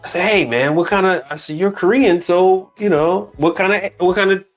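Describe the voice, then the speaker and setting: With soft music in the background and the highs cut off, a high-pitched man from Chicago hosts a casual livestream at a moderate pace. His storytelling is blunt and heavy on profanity, and he performs the dialogue himself.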